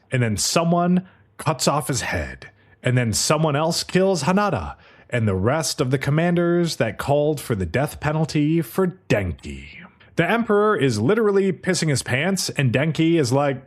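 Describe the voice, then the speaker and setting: A man's voice: fairly high pitch, very animated, normal speed. A man hosting a podcast, casually recapping an episode in a breezy, profane storytelling manner. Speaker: podcast host.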